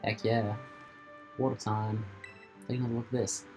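Over music, a man plays a video game for his channel, keeping up playful, joking commentary with plenty of laughs. As the host of this casual let's-play, he has a fairly low, level voice and moves at a moderate pace.

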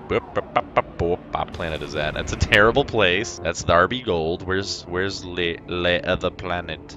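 A man's voice: deep voice, noisy background. A man from the United States giving rambling, crude, self-mocking let's play commentary, laughing often. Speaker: gaming YouTuber.

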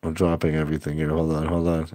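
A man's voice: extremely low pitch, monotone, fast, warm tone. A young man live-streaming card pack openings, chatting with viewers, sarcastic and laughing often. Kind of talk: casual live-stream chat.

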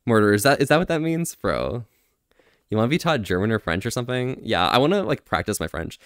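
A man's voice: medium pitch, sing-song, fast talker, a bit bright, clear, resonant tone, no room sound, studio quality. A man streaming casually, answering chat, laughing often and trying out phrases in other languages with self-deprecating humor.

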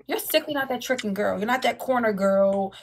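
Woman livestream host, blunt ranting talk, slightly high gravelly voice. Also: a little fast, a little hiss or hum. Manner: blunt, ranting, swears a lot. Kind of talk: casual livestream chat.

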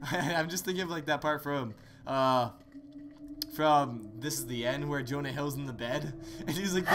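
A man hosting horror let's-play commentary, joking sarcastically and yelling in fright. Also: on the high side, a little slow, a little hiss or hum. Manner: excitable, jokey, sarcastic, screams in fright. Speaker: gaming channel host.

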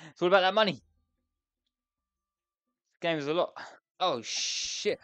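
Young woman streaming a game, frantic and foul-mouthed, very lively pitch, dry close mic. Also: normal speed, pauses often, dry recording. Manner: frantic, swearing, exasperated. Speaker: gaming YouTuber. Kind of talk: let's play commentary.

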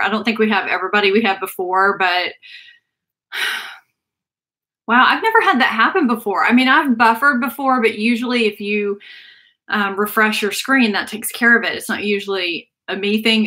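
A woman's voice: medium pitch, bright, forceful tone. A woman, chatting casually on a livestream from a small home office, laughing and sighing often. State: out of breath. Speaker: livestream host.

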